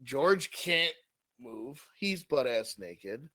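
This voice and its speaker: A man's voice: fairly high pitch, very animated, drawn-out words, pushed and bright, dry recording. A man co-hosting a comedy podcast, improvising a crude story with plenty of swearing. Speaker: co-host.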